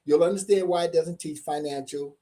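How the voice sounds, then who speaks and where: A man's voice: a little high, fairly even intonation, a little fast, mellow. A middle-aged man giving a live-streamed seminar as a tax coach, hyped up and asking "okay?" again and again. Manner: hyped-up, repeats "okay?" often.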